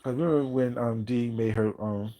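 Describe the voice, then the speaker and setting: A man's voice: medium pitch, fairly even intonation, moderate pace, mellow. A man hosting a casual livestream, chatting to viewers while he eats and often laughing. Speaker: livestream host. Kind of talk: casual live chat while eating.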